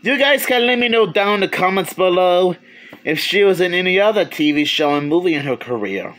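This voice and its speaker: High-voiced man rambling through a review. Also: animated, fairly bright tone. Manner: rambling, halting, many restarts, chuckles. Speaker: movie reviewer. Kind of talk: casual video review.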